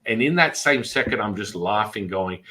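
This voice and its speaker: Bright-voiced man telling animated stories. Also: fairly low pitch, normal speed, poor audio. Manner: animated, rambling, with restarts and acted-out quotes. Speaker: podcast host and Taoist priest. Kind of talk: casual storytelling chat.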